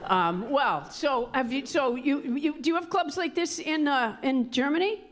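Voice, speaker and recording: Lively high-voiced woman comic. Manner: chatty, halting, self-interrupting, wry. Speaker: stand-up comedian hosting. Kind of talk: stand-up with crowd work. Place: comedy club stage. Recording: live club with audience. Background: crowd laughter.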